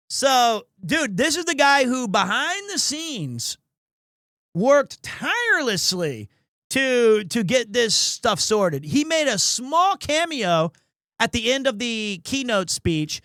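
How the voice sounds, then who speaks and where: A man's voice: very high-pitched, very animated, takes it slowly, fairly bright tone, dry recording, clean studio sound. A young man streaming live, telling a rambling story with lots of restarts and chatting with viewers. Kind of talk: casual livestream chat.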